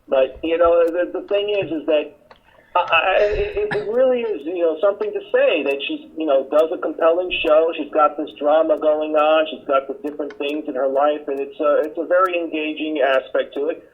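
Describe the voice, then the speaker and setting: A rambling man on a casual talk show, filling every pause with "you know" and "listen". His voice is slightly high and comes through a thin phone line. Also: fairly even intonation. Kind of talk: casual talk radio chat.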